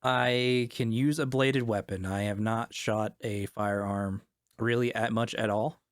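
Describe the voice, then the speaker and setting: A man's voice: fairly low pitch, fairly even intonation, measured pace, dry recording, studio quality, natural voice. A man voicing a polite, wary young woman academic in a tabletop game, in his own plain voice without an accent. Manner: plain voice, no attempt at an Italian accent.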